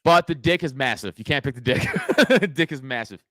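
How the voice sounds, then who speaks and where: A man's voice: medium pitch, huge pitch swings, moderate pace, a bit bright, no room sound. A man co-hosting a comedy podcast, posing crude questions with a mischievous, giggly delivery.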